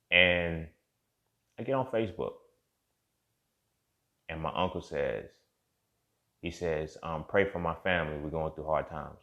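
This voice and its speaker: A man with a low, slightly bright voice, its highs cut off, hosts a show and tells a personal story. He's casual and profane, often addressing the listener directly.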